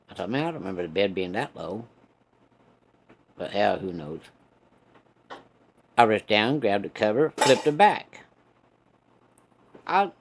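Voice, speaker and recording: A man's voice: lowish voice, a little hiss or hum. A man telling a casual story in a folksy, profane, laid-back way.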